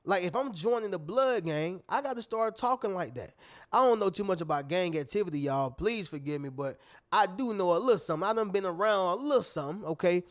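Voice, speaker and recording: A man's voice: sits high, expressive, brisk. A man giving a motivational talk, preachy and repetitive, often addressing listeners as family. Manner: preachy, repeats phrases, calls listeners "y'all" and "family". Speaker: motivational speaker. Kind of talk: motivational monologue.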